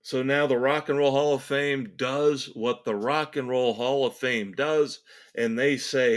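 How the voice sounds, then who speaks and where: A man hosts a solo rock podcast and rants about the networks. He speaks slowly and lets the words drag. His tone is sarcastic and exasperated, and he leans hard on every point. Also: mid-range voice, fairly even intonation. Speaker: podcast host. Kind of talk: opinionated solo rant.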